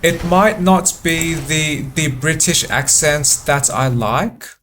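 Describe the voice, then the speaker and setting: A man giving relaxed gameplay commentary, thinking aloud in a halting way and repeating words often. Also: on the high side, a little hiss or hum. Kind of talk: relaxed let's-play commentary.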